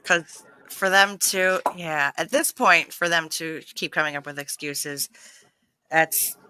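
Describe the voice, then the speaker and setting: Bright, smooth co-host chiming in. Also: mid-range voice, takes it slowly. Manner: chimes in with short reactions and opinions. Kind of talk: casual chat.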